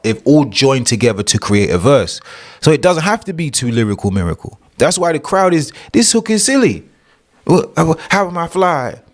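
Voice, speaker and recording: A young British man chatting excitedly and using slang while he reacts to a video on a live stream. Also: medium pitch. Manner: chatty, slangy, hyped, talks over the video. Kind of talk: casual live-stream commentary.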